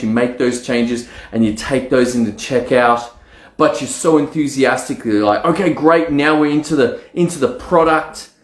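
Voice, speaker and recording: A man coaching on online marketing, talking straight to camera in a casual, animated way and acting out his own excited inner voice. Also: medium pitch, echoey room. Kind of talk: casual direct-to-camera talk.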